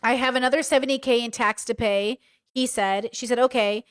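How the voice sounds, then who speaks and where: Woman commentator, high-set voice, smooth and clear, sarcastic and incredulous as she reads texts aloud. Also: fairly even intonation, brisk. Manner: sarcastic, incredulous, swears freely. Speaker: commentary host.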